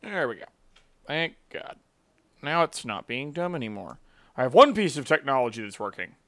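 A man's voice: medium pitch, big pitch swings, normal speed, fairly bright tone. Profane, exasperated male streamer. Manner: profane, exasperated ranting at his computer. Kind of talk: live-stream commentary.

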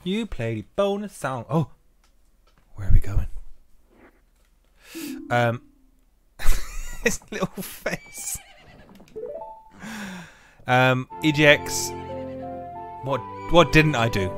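A man's voice: medium pitch, expressive, slow, pauses often, over music. A man playing a video game and giving goofy, self-mocking, rambling let's play commentary. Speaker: gaming youtuber.

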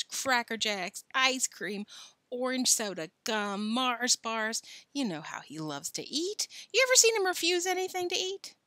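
A woman voicing an excited, scheming boy of about ten who talks eagerly and persuasively in a storybook reading. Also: on the high side, no echo, pitched above the performer's own voice.

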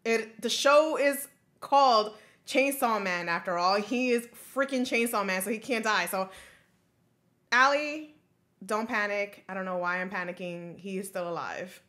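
Girl reacting to anime, bright tense voice, slow and drawn out, gets all emotional. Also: medium pitch. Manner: excitable, emotional, talks to herself. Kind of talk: live reaction commentary.

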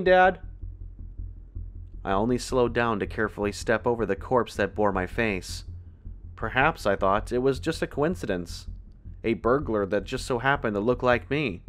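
A man narrating a first-person horror story in a tense, measured way. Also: medium pitch, fairly bright tone.

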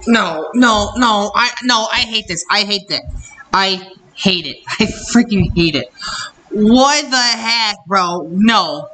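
A man's voice: sits high, slow pace, sharp tone, slight background noise. A young man hosting a reaction channel, ranting bluntly and repeating himself in exasperation. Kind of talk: casual reaction rant. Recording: echoey room with faint ambience.

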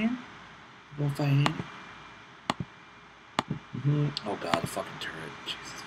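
A man's voice: mid-range voice, brisk, long pauses, noisy background. A man hosting his own gaming channel, giving casual commentary as he plays and calls out to teammates, swinging between self-mocking jokes and frustrated outbursts. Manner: excitable, talks to himself and teammates, bursts of frustration.

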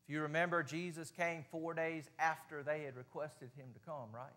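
A man with a Southern US accent preaching a sermon in a church, folksy and plain-spoken, swinging between loud passages and hushed ones. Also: on the high side, little pitch movement, moderate pace. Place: church sanctuary.

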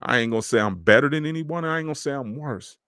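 A man's voice: mid-range voice, fast, fairly bright tone, no room sound, clean studio sound. A man hosting a podcast, talking in a casual, slangy, preachy way to his listeners. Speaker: podcast host. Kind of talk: motivational podcast monologue.

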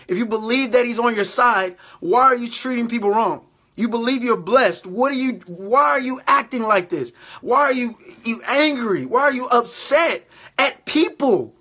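A man's voice: high voice, fairly bright tone. A man giving motivational faith talk to his camera, exhorting and repeating himself, often checking in with "all right?". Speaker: faith vlogger.

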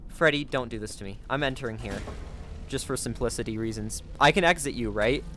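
A man giving let's play commentary as a gaming video creator, excitable, gasping and chatting to his viewers. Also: medium pitch, brisk, a little hiss or hum.

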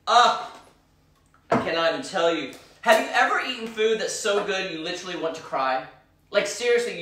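A man's voice: sits high, bright, forceful tone, echoey room, far from the mic. A man chatting bubbly and gushing while he cooks on a live stream from his home kitchen. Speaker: home cooking vlogger. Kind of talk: live cooking stream chat.

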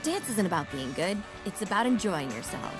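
A woman voicing a gloomy, sullen teen girl sorceress in a TV cartoon, speaking in a dry, deadpan way. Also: mid-range voice, moderate pace, close to an everyday voice. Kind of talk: TV cartoon voice acting. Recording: music playing behind.

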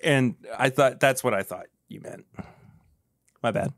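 A man's voice: mid-range voice, unhurried, gravelly, no room sound, clean studio sound. A man co-hosting a whiskey podcast, chatting casually and rambling a little as he searches for words. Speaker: podcast co-host. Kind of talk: casual chat while tasting whiskey.

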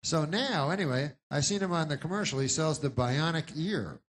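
A man doing a stand-up comedy set with a rambling, deadpan delivery full of meandering asides. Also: fairly high pitch, normal speed, slight background noise.

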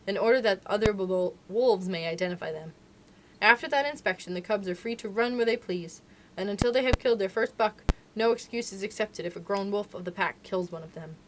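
A woman voicing a grave, steady father wolf who explains the law in a measured way in a storybook reading. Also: mid-range voice, a little hiss or hum, close to an everyday voice, low-quality recording.

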